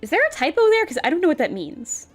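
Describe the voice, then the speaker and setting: Bubbly woman streamer, cutesy and rambling, fairly high voice, soft background music. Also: big pitch swings, quick pace. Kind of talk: casual stream chat.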